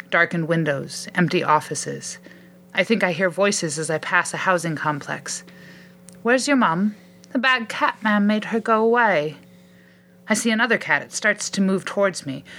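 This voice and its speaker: A woman's voice: lowish voice, fairly bright tone. A woman reading a suspenseful first-person story aloud.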